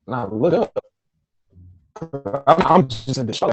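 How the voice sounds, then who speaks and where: A man guest on a podcast, telling a story in a casual, animated way, swearing freely and acting out his own reactions. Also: mid-range voice, a little slow, pauses often, soft background music.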